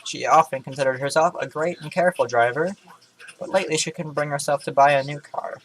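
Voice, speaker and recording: On a low-quality webcam recording from an indoor room, a tired young man who makes gaming vlogs reads a story aloud. His slightly high, bright voice moves fairly quickly, broken up by sarcastic remarks and tripped-over words.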